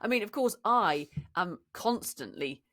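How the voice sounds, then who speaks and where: A woman's voice: medium pitch, lively intonation, measured pace, fairly bright tone. A woman co-hosting a comedy podcast in casual, playful chat. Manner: playful, giggly, fumbling for words. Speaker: podcast co-host.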